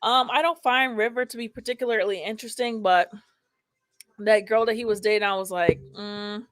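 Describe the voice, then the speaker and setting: A woman's voice: fairly high pitch, steady tone, a little fast, a bit bright, dry recording. A woman hosting a casual live show, reading viewer comments aloud and chatting loosely with many fillers. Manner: chatty, lots of fillers like "like" and "you know". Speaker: host.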